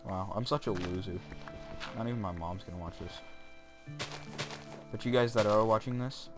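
Young male gaming host, low-pitched, goofy, self-mocking, rambling asides to viewers, faint music underneath. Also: normal speed. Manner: goofy, self-mocking, talks to viewers, voice jumps up when excited. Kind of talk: rambling game commentary.

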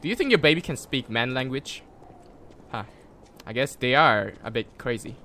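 A man giving casual gameplay commentary, excitable and jokey, talking to the game characters and yelling at sudden moments. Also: medium pitch, a little slow. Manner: jokey, mock-sarcastic. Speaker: gameplay video creator.

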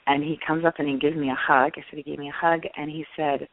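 Guest, woman from California, animated storyteller who restarts her sentences a lot; dry, phone-line sound. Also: sits low, fast talker, few pauses, dry recording. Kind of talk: casual interview talk.

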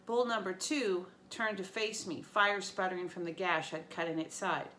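Female teacher reading a chapter aloud to sixth graders, lively and bright. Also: lowish voice, normal speed, slight background noise. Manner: lively storytelling with small slips. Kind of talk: reading a novel aloud to students.

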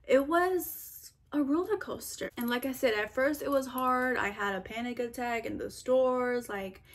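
A young woman answering viewer questions in a casual vlog, chatty and animated, full of fillers and quoted asides. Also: a little high. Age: young adult. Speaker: vlogger.

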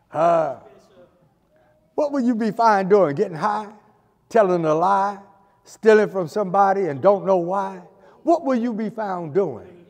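A man's voice: sits high, animated, unhurried, pauses often, a little mellow, in a large hall. A male pastor preaching a fervent sermon, repeating phrases and hurling rhetorical questions at the congregation. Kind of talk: fiery sermon. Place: church sanctuary.

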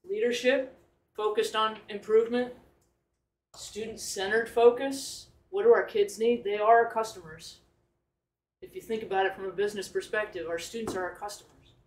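A man presenting a district plan at a public meeting, explaining step by step and asking rhetorical questions as he goes. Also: high voice. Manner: explanatory, rephrasing and self-correcting, with rhetorical questions. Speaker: school administrator presenting a plan. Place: meeting room. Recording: echoey room, distant mic.

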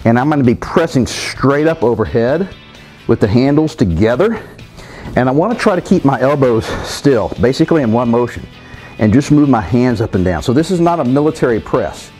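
A man's voice: medium pitch, big pitch swings, brisk, darkish tone, soft background music. A man coaching a home workout, explaining the exercises directly to viewers and calling them guys. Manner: coaching, addresses viewers as guys, counts reps aloud. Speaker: fitness coach. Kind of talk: workout instruction.

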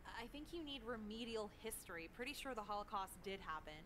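A woman voicing a snarky, rude teenage schoolgirl in a game, with a put-on American accent and a deadpan, insolent manner. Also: medium pitch, brisk, background noise, lightly acted. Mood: defiant. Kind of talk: game voice acting.

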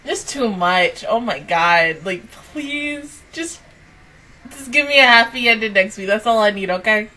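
A woman's voice: a little high, lively intonation, measured pace, bright, forceful tone, far from the mic, rough recording. A woman hosting an anime reaction video, chatting casually while crying and laughing between words and exclaiming. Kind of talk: emotional casual reaction chat.

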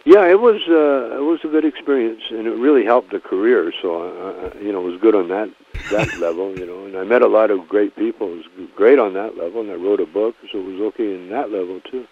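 A man's voice: fairly low pitch, a little fast. A man, a comedian guest in a casual phone interview, talking in a rambling, laid-back way full of restarts and "you know". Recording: tinny phone line.

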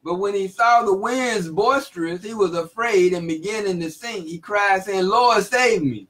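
A man teaching the Bible in a relaxed, casual way, reading verses and retelling them in everyday speech with frequent chuckles. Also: high-pitched, normal speed, poor audio.

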